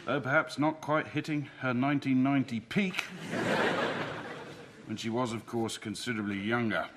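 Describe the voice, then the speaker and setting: An actor playing a gloomy groom having doubts, speaking in a dry, downbeat way in a sitcom. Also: male voice, mid-range voice, fairly even intonation, moderate pace, heavy background noise, close to an everyday voice. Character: glum, doubtful young male groom. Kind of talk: sitcom acting. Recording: TV sitcom recording with audience laughter.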